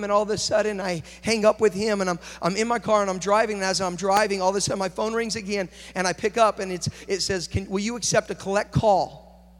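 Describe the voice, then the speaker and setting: A man preaching a conference sermon, moving between hushed storytelling and loud, urgent preaching. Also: sits high. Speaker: pastor. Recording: long hall reverb.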